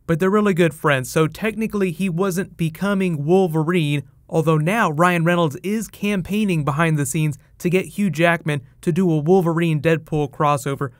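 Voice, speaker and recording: A man talks through movie news in a chatty, enthusiastic commentary, tossing in quick asides. His voice sits fairly high, and the recording is close and dry with no room sound. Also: no room sound. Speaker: host.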